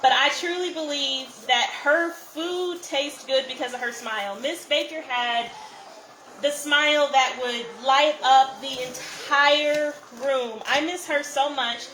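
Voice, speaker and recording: A high-pitched woman hosts a live cooking stream, talking easily to her viewers while she works. She is recorded on a phone in an echoey kitchen, with steady background noise underneath. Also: slow. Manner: chatty, greets viewers by name while cooking. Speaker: cooking show host. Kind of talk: live cook-along chat.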